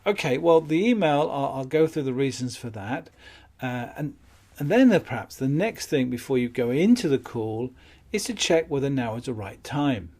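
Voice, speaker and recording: A man teaching phone appointment-setting in a calm, matter-of-fact way, with light chuckles. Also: mid-range voice, normal speed. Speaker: business skills trainer. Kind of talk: instructional talk on phone sales.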